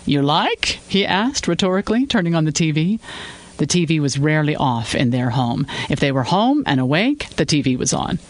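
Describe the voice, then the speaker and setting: A man reading scripted fiction narration in an even, measured way. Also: on the high side, no room sound, low-quality recording.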